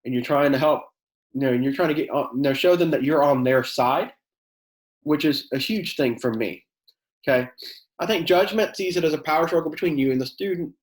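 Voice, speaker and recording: Male high school teacher giving a workshop, sarcastic edge, loose talky delivery, roomy sound. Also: a little fast. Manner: conversational, many fillers, acts out quoted exchanges; self-described sarcastic.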